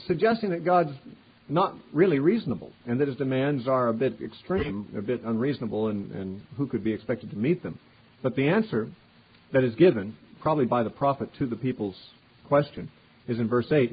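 A man's voice: medium pitch, expressive, brisk, slightly rough. A man teaching through a Bible passage verse by verse, reading the verses aloud with rising emphasis and then explaining them in a casual, conversational way. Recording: dull lo-fi recording.

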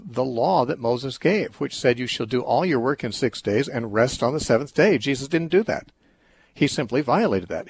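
Husky-voiced male radio Bible show host. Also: medium pitch, no echo. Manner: calm, reasoning, explains with everyday examples. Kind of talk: call-in Bible teaching talk.

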